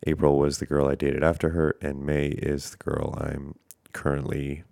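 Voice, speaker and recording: Very deep-voiced stuffed-up man rambling. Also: monotone, normal speed, vocal fry, darkish tone, dry recording, clean studio sound. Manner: rambling, hesitant, lots of fillers, self-deprecating; tired. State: congested, stuffed up, mouth breathing. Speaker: podcast host. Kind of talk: casual rambling podcast monologue.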